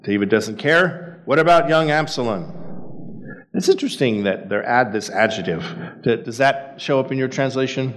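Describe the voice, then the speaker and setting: A man's voice: mid-range voice, animated, moderate pace. A man leading a men's Bible study, talking conversationally and putting questions to the group. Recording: echoey hall.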